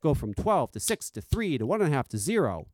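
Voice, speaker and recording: A man's voice: a little high, sing-song, a little fast, a little mellow, dry recording. A man hosting a vape channel, delivering a heated, profane commentary rant. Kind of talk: ranting commentary.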